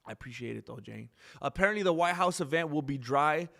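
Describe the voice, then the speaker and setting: A man's voice: on the high side, animated, brisk, creaky, fairly bright tone. A man hosting a live stream in casual chat, rambling, reading viewer names aloud and correcting himself as he goes.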